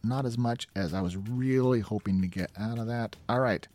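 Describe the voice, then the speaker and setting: A man's voice: medium pitch, normal speed, mellow. A man narrating a tabletop game as game master, reacting openly to the dice rolls.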